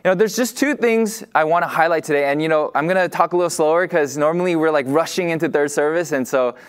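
A man delivering a sermon in an easygoing, conversational way. His voice sits a little high for a man, and he piles on fillers and restarts. He admits he tends to rush his words. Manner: casual, full of fillers like "you know" and "like"; says he tends to talk fast. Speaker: pastor.

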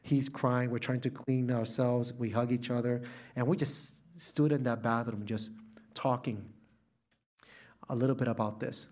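A man's voice: mid-range voice, unhurried. Middle-aged man from Puerto Rico preaching. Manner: animated storytelling, drops soft and quiet when emotional. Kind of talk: sermon with personal story.

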